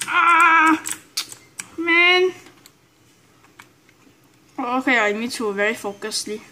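High excitable woman gamer. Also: slow pace, slight background noise. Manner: excitable, frequent exclamations and groans, broken English. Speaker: gameplay commentator. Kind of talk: live gameplay commentary.

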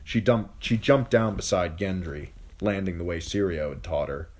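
A male audiobook narrator with a deep, low voice, reading a fantasy chapter aloud. He tells the story steadily, fixing an occasional slip as he goes. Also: lively intonation, normal speed, a little mellow. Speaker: audiobook reader. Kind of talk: scripted narration.

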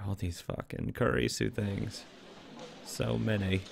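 Young male let's-player, lowish voice, sarcastic, swears a lot, casual reactions. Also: lively intonation, normal speed, vocal fry, fairly bright tone, faint music behind. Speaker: let's play reader. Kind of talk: casual commentary over a visual novel.

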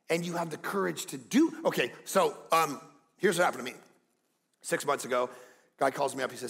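Middle-aged guy preaching, gravelly voice, pitched kinda high, acts out every story. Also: a little fast. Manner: animated, acts out quotes, builds to emphatic peaks. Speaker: pastor. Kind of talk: sermon with storytelling. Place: church stage.

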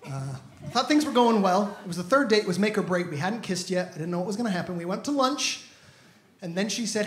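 A man in his thirties with a high, expressive voice talks fast through a stand-up set on a club stage, spinning stories in a punchy, exasperated way into a handheld mic. The echoey room is filled with crowd laughter.

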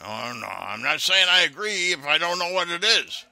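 A man posing as a confused caller on a prank phone call, gruff and impatient, complaining he can't follow. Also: fairly high pitch, very animated, normal speed, sharp tone. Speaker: scam baiter posing as an older caller.

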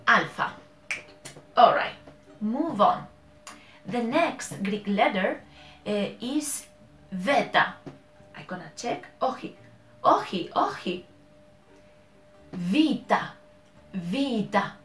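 A woman's voice: medium pitch, lively intonation, takes it slowly, pauses often, a bit bright. A woman with a Spanish accent and Spanish as her first language, hosting a casual language-learning vlog. She corrects herself often, laughs at her own mistakes and keeps checking in with "okay?". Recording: roomy echo with faint music.

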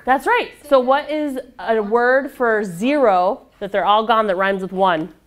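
A woman's voice: fairly high pitch, unhurried. A young woman leading a children's storytime, reading aloud and guiding rhymes in a patient, encouraging, sing-song way. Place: indoor storytime room with children.

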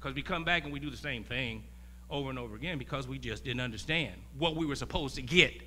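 A man preaching as a guest pastor, talking in a conversational way, laughing and swinging from quiet asides to loud emphasis. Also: mid-range voice, fast, a little hiss or hum. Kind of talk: sermon.

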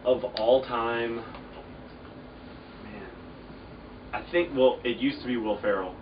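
A young man guesting in a casual interview, relaxed and rambling, trailing off with fillers. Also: mid-range voice, takes it slowly. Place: at an outdoor festival. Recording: distant lo-fi mic with clear background noise.

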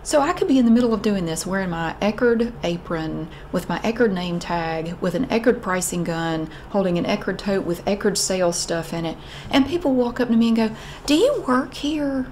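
A woman's voice: fairly low pitch, a little fast, few pauses, darkish tone, a little hiss or hum. A middle-aged woman telling a wry, exasperated story about an old job in a casual, chatty way. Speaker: vlogger.

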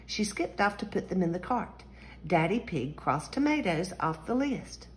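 A woman hosting a story-time channel, reading a children's picture book aloud in an animated, expressive way. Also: lowish voice, moderate pace, slight background noise. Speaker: storyteller host.

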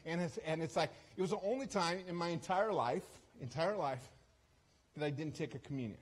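Husky man telling a church story. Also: fairly high pitch, a little fast. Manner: chatty, self-deprecating, with frequent restarts and asides. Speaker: guest speaker. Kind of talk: storytelling sermon. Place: church service.

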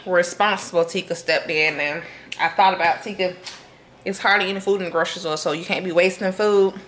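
A woman's voice: on the low side, steady tone, brisk, fairly bright tone, slight background noise. A woman chatting casually to her viewers from her kitchen at home, colloquial and talkative, often calling them "y'all". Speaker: vlogger. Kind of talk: casual chat to camera.

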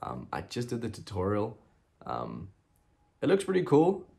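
A man's voice: medium pitch, huge pitch swings, a little slow, gravelly, dark tone. A young man hosting a gaming channel, chatting casually through his gameplay with lots of ums and frequent swearing.

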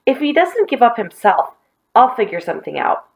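A woman reading aloud, voicing an excitable, dramatic schoolboy with high, overacted sneezes. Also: normal speed, creaky. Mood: scheming.

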